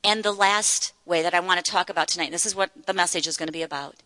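A woman's voice: lowish voice, quick pace, sharp tone, no echo, in a large hall. A woman giving an earnest sermon-style Bible teaching at a church meeting, repeating words for emphasis.

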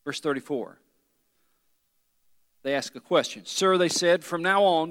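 A man's voice: a little high, moderate pace, fairly bright tone. A man preaching a sermon as pastor in a large church, emphatic and calling out questions to the congregation. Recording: long hall reverb in a large church.

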